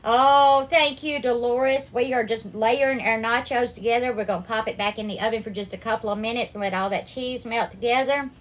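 A woman hosting a live cooking stream, warmly greeting viewers by name and calling them darling and sweetheart. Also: fairly high pitch, fairly quick, few pauses. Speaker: cooking livestream host.

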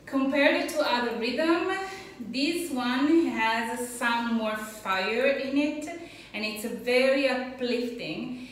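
Slow, patient woman teaching dance, echoey room. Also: a little high, recorded from a distance. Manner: slow, patient counting of rhythm and steps. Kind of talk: dance class instruction.

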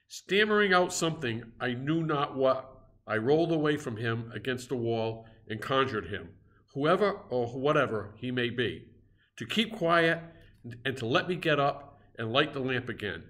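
Male reader, mid pitch, steady and expressive novel narration. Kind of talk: reading a classic novel aloud.

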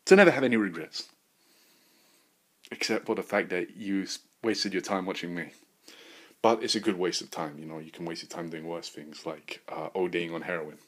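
A man rambling through a crude, joking solo monologue as a podcast host, swinging into loud bursts of mock bravado. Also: sits low, normal speed.

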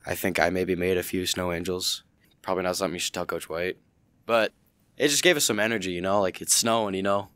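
Deep-voiced teen rambling casually. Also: male voice, fast talker, dry recording. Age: teens. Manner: relaxed rambling with many "you know"s. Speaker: guest, wrestler and football player. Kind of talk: casual chat.

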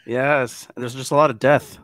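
Animated man telling a spooky story. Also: medium pitch, moderate pace, no echo, studio quality. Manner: animated, drops to hushed tones at scary parts. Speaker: guest storyteller. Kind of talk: casual chat, telling a ghost story.

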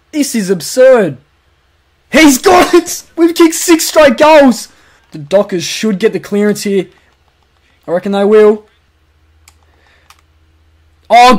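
Excitable young Australian gaming commentator. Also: male voice, high voice. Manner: swings from muttered asides to shouted goal calls. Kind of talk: excited play-by-play over a football video game.

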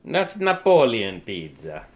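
A man's voice: mid-range voice, wildly swooping pitch, slow pace, phone-quality sound. A man in casual kitchen banter, playful and bossy as he teases his friend while cooking. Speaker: home cook vlogger. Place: home kitchen.

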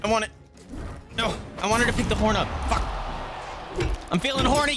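A game streamer giving excited live commentary while playing, swearing often and squealing and yelping at the action. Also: mid-range voice, moderate pace. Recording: loud game music behind the voice.

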